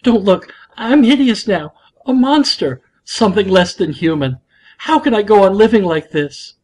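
A panicking young husband, newly winged, shouts his despair, as a man reads him aloud. The voice climbs high and loud in frantic bursts. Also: expressive, moderate pace, rough recording. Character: anguished young husband who sprouted wings.

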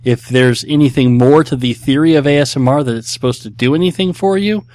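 A man's voice: medium pitch, a little fast, darkish tone, no room sound. Blunt, rambling middle-aged man host. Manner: blunt, rambling, hesitant with many fillers. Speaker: podcast host answering listener questions. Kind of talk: casual chat.

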